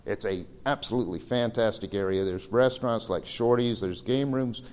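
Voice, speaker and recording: A man's voice: on the low side, moderate pace, darkish tone. A man giving a slideshow seminar talk, telling stories in a casual, rambling way with fillers. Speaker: seminar presenter. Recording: reverberant hall recording.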